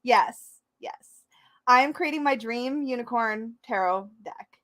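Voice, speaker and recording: A woman hosting a livestream, excited and emotional, close to tears and laughing often. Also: on the high side, measured pace. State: tearful. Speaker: tarot channel host. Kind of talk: livestream chat.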